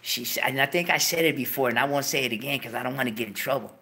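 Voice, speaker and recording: A man hosting a show, telling a long profane story and breaking into high yelps of disbelief. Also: fast, sharp tone. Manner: swears constantly, bursts into high yelps of disbelief. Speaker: show host.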